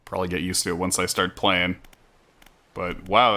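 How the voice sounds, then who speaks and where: A man's voice: low-pitched, level tone, moderate pace, sharp tone. A man streaming a game, chatting casually with wry asides.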